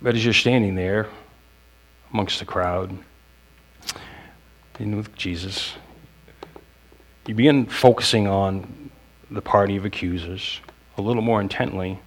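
A man delivers a sermon in a somewhat low voice. He speaks slowly and for effect, pausing between phrases and addressing his listeners directly as "you.". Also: fairly even intonation, poor audio. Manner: slow, dramatic delivery with pauses, directly addressing mothers. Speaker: pastor.

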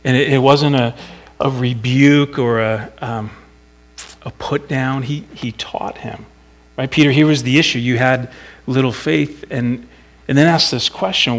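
A man's voice: medium pitch, measured pace. Reflective middle-aged man giving a devotional. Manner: conversational, reflective, thinking aloud. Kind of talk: informal Bible devotional.

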